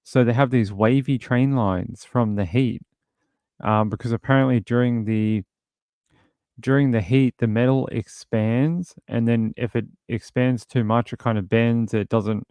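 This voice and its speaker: An Australian man hosts a casual true-crime livestream, reading out viewer comments and reacting with blunt indignation. His voice is smooth and resonant, and his pitch sits in an ordinary middle range. The sound is dry, with no room echo. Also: fairly even intonation, a little slow, darkish tone. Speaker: livestream host.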